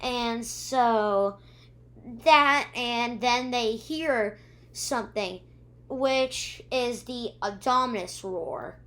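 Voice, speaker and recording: Female reviewer with a fairly high voice, loose, rambling recap delivery, acts out the characters' lines. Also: drawn-out words, a bit bright. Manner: chatty, many ums and restarts, acts out characters' lines. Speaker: video reviewer.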